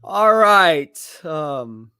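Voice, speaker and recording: High-voiced man laughing through live commentary. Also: smooth, no echo, clean studio sound. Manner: laughing, boastful, quick bursts of excitement. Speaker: live stream host. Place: home live stream.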